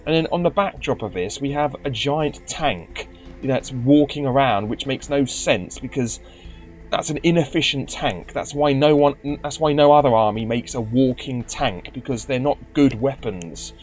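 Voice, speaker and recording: A man of ordinary pitch grumbles his way through casual gameplay commentary, sarcastic and often tripping over his words. Game music plays faintly behind him. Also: normal speed, darkish tone. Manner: grumbling, sarcastic, stumbling restarts. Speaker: let's play commentator.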